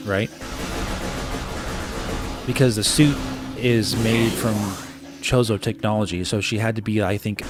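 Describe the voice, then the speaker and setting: Low-voiced man chatting through a game stream. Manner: chatty, thinks aloud with fillers and restarts. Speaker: gaming streamer. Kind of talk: casual live playthrough commentary. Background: game music.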